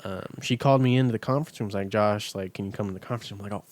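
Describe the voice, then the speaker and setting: A man's voice: fairly low pitch, racing, a little mellow, dry recording. A young man co-hosting a casual chat over beers, telling long rambling stories full of swearing and acted-out quotes. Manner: rambling storyteller, swears freely, acts out quoted lines. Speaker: podcast co-host.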